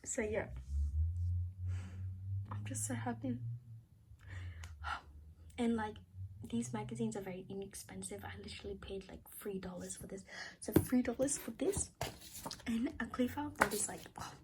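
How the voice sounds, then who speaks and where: A young woman vlogging an unboxing haul, gushing and excitable, swinging from loud outbursts to whispers. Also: mid-range voice, normal speed, pauses often, noisy background.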